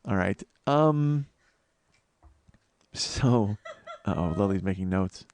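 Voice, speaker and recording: A man's voice: lowish voice, lively intonation, takes it slowly, darkish tone, slight background noise. A sleep-deprived man hosting a comedy podcast, rambling in a self-deprecating monologue full of swearing and restarts. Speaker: podcast host.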